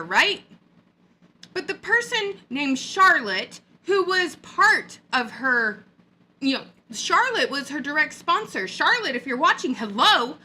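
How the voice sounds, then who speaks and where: Sarcastic woman ranting, high bright voice. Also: a little hiss or hum. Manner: sarcastic, mocking, emphatic. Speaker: vlogger. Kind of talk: ranting commentary vlog. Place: hot upstairs room with air conditioner.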